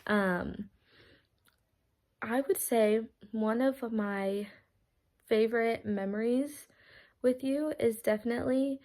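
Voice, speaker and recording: A woman's voice: a little high, slow, pauses often, a little mellow. A woman giving a casual, heartfelt birthday tribute to her aunt, with frequent ums and restarts. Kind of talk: recorded personal birthday message.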